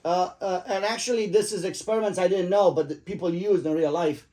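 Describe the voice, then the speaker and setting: A man's voice: sits high, brisk, a little mellow. Rambling, profane middle-aged man. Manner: rambling, profane, jokey anecdotes. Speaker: father telling stories to his family. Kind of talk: casual storytelling at the dinner table.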